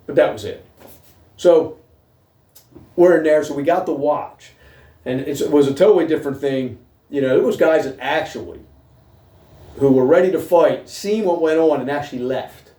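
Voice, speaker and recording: A middle-aged man with a mellow, darker tone recounts his own past in a blunt, heavily profane monologue. He checks in with "okay?" again and again. The sound is roomy and echoey, with the speaker sitting some distance from the microphone. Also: mid-range voice. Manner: blunt, heavy swearing, repeats "okay?". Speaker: host telling his own story. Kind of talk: casual storytelling monologue. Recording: roomy echo, voice away from mic.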